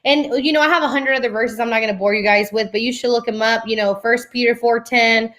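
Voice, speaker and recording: A woman in her twenties in a faith-based chat, animated, reading scripture aloud and slipping into playful quoted voices. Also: a little high, quick pace. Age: 20s.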